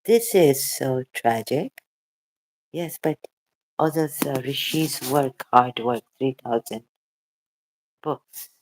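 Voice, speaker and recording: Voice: medium pitch, expressive, takes it slowly, pauses often, a little mellow, a little hiss or hum. A channel host talking emotionally and hesitantly in a casual livestream chat.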